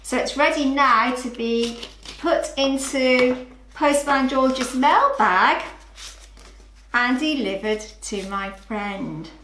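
Woman, phonics teacher, higher voice, very slow, echoey room. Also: fairly bright tone, a little hiss or hum. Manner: slow, sing-song, clearly sounds out letters. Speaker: early years phonics teacher. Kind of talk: children's phonics lesson.

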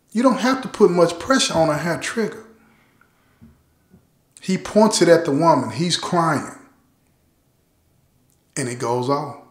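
A man casually telling a true-crime story, talking straight to his listeners. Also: a little high. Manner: conversational, addresses listeners directly. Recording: roomy echo.

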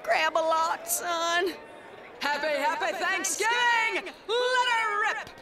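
An actor voicing a cheery, upbeat cartoon event announcer, calling out slowly. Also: extremely high pitch, fairly even intonation, heavily acted. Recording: from far off over loud music and crowd.

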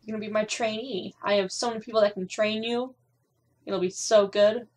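A woman's voice: mid-range voice, steady tone, fairly quick, darkish tone. A young woman giving casual gameplay commentary, swearing a lot and talking back at characters on screen. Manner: laughs and squeals while playing. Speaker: gameplay streamer.

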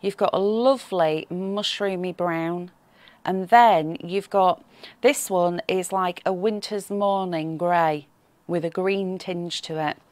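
Female craft-show host, cheerful and teasing, slightly croaky, dry studio sound. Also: fairly low pitch, steady tone, takes it slowly, darkish tone, no echo. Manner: chatty, reads viewer comments aloud, teasing and cheerful. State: slight frog in the throat. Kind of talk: live shopping show chat.

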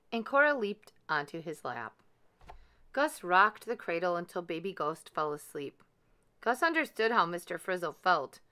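A woman reading a children's picture book aloud in an expressive, animated way. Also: mid-range voice. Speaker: storybook reader.

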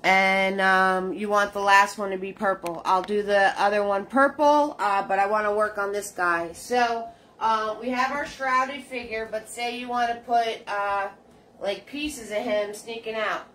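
A woman's voice: mid-range voice, a little slow, a bit bright. A woman leading a live painting tutorial, chatting with her viewers as she works. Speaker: painting instructor.

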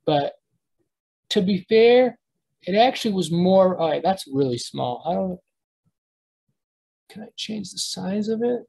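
A teacher giving a live online lesson while sharing the screen, explaining step by step in a halting way with frequent restarts and quick checks with the class. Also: medium pitch, lively intonation, creaky, dark tone, slightly rough. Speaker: language teacher.

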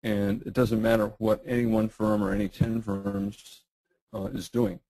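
A middle-aged man, losing his voice and clearing his throat, answering webinar questions in a halting way with many fillers and restarts. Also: mid-range voice, sing-song, warm tone, poor audio. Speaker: guest trading educator.

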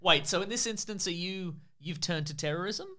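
This man has a fairly high voice for a man and talks in a loose, chatty way. He keeps teasing his co-host and laughing through the commentary. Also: fairly quick, pushed and bright. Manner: playful teasing, laughs often. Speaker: film commentary podcast co-host. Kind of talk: casual movie commentary chat.

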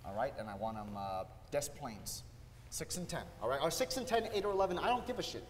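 A man's voice: medium pitch, animated, brisk, close to an everyday voice. A man acting live on stage as a desperate aging salesman who stammers, pleads and flares into anger. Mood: haggling. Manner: wheedling, stammering, bursts of anger. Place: theater stage. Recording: roomy hall, faint noise.

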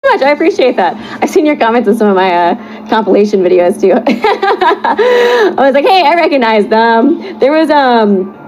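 A young woman streaming, reading a fan fiction aloud and reacting, animated and laughing often with mock-horrified outbursts. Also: fairly high pitch, moderate pace, low-quality recording.

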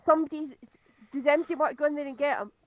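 A woman playing a tabletop game, brisk and decisive. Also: high-pitched, fairly even intonation, dry recording, lo-fi sound. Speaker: player. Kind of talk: casual tabletop play.

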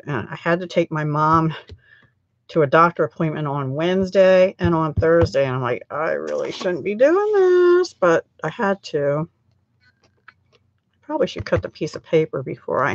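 A woman's voice: deep voice, no room sound, muffled recording. Chatty middle-aged woman with scratchy throat. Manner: rambling, chatty, narrates her crafting steps. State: scratchy throat, recovering from a cold. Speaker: craft channel host. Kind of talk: chatty live crafting stream.

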